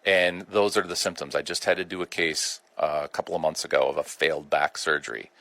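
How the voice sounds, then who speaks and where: Deep-voiced folksy man doctor hosting. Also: fairly even intonation, a little fast, pushed and bright, dry recording. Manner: folksy and conversational, with colloquial asides. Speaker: radio show host doctor. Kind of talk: informal health talk.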